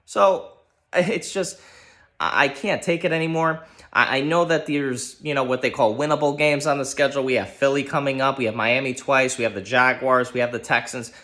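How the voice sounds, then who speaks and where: A man ranting about his football team, heated and profane, exasperated, shouting at times. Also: medium pitch, normal speed. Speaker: sports fan ranting on his channel. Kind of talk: angry solo sports rant.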